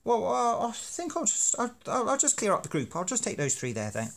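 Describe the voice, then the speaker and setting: Man doing a chirpy high imaginary friend. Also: huge pitch swings, brisk, creaky, fairly bright tone, heavily acted. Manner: chirpy, stammering, eager. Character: cheery imaginary friend, man of vague accent. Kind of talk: silly comic voice.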